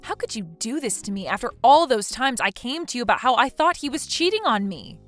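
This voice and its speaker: A woman reading a betrayed wife who confronts the friend who stole her husband, accusing and indignant. The high, bright voice rises and falls animatedly, with faint music beneath the text story dialogue. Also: very animated, fairly quick. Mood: hurt.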